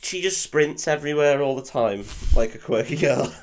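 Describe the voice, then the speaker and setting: A man's voice: on the high side, normal speed, a little hiss or hum. A man, co-hosting a podcast and recapping a film in casual, sweary chat, often laughing. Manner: sweary, laughing, animated retelling. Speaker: podcast co-host.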